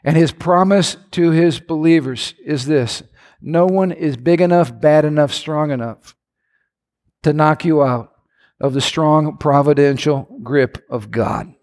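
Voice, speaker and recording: A man preaching a sermon in an animated way, his voice climbing to near-shouts. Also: a little high, measured pace. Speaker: pastor.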